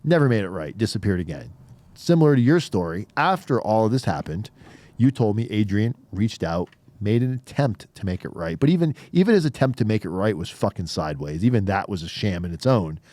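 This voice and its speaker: A man's voice: lowish voice, very animated, brisk, mellow, no echo. Brief: man, interview host, heated and blunt, cursing freely, dry close sound. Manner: heated, blunt, swears often. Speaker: podcast host. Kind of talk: casual interview talk.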